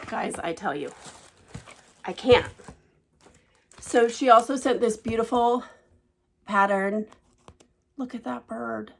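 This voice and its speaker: A woman vlogging casually about cross-stitch gifts, gushing and emotional, often dropping to a hushed, delighted voice. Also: on the high side, slow pace, gravelly, long pauses, a little hiss or hum. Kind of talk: casual show-and-tell vlog.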